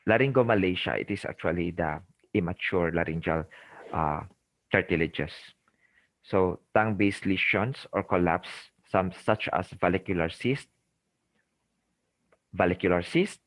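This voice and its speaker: A middle-aged ENT surgeon from the Philippines, speaking with a Filipino accent, delivers a recorded medical lecture. His voice is low and measured with frequent pauses, the audio has no echo but is low quality, and he repeats key terms while checking in with "okay?" and "remember".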